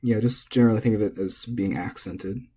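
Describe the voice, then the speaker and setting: Man, low-pitched, dark husky voice, casual lesson, thinks aloud. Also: brisk. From United States. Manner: relaxed, thinking aloud, self-correcting. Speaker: language teacher.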